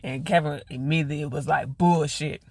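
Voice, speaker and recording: A man talks through a TV episode in a loose, slangy, filler-heavy recap. His voice sits a little high with a gravelly edge, and the sound is close and dry. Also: steady tone, moderate pace, a bit bright, dry recording. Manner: chatty slangy retelling, lots of fillers. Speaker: TV reviewer.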